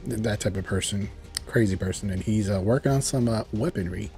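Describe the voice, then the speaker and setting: A man's voice: lowish voice, a little fast, vocal fry, mellow, faint music behind. A man giving a casual, chuckling recap of a TV episode as he loosely paraphrases its dialogue. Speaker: TV show reviewer.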